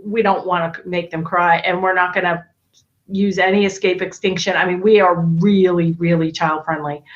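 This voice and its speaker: A woman's voice: medium pitch, fairly bright tone, dull audio. A middle-aged woman, a guest on an interview, telling long stories in casual chat with lots of fillers and restarts over a video call. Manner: talkative, storytelling with many fillers and restarts. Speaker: guest, autism expert and parent.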